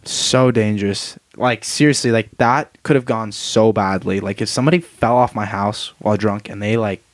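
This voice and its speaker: A young woman co-hosting a podcast, chatting casually and telling animated stories full of "like" fillers. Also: very deep voice, normal speed, no room sound. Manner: animated storyteller with many "like" fillers. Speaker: podcast co-host. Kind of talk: casual chat.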